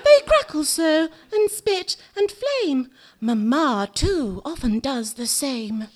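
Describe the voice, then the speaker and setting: A naughty little girl, played by a woman reading aloud, coos over fire in a high, sing-song voice. She swoops up and down as she speaks, slowly and dreamily. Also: very animated, full character voice. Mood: gleeful. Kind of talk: live storytelling performance.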